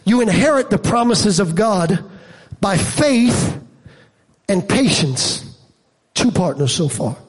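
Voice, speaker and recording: A man preaching a sermon as pastor, emphatic, swinging from low storytelling asides to loud peaks, with humor and rhetorical questions to the congregation. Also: expressive, slow, pauses often, breathy edge.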